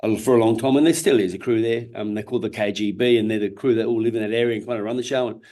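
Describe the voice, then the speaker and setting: This former world champion boxer from Perth, Australia, is in his fifties and sits for an interview as a guest. His rapid-fire voice runs on the low side, mellow and fairly even. Earnest and candid, he swears a lot and keeps restarting his sentences in his Australian accent.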